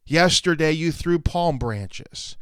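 A man's voice: a little high, lively intonation, takes it slowly, a bit bright, smooth, dry recording, clean studio sound. A man voicing a proud young male donkey in a told story, speaking indignantly. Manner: indignant, self-important.

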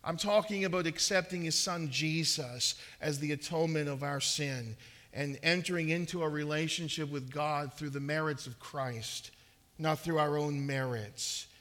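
A man's voice: a little high, moderate pace, fairly bright tone. A man preaching a sermon, earnest and emphatic, rising in intensity and repeating words as he presses each point. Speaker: pastor.

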